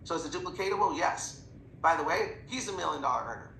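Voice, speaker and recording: A man giving a sales training talk to his team, talking fast and acting out bits of dialogue with clients. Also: gravelly. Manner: fast, animated, slips into quoted voices. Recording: echoey room with faint rumble.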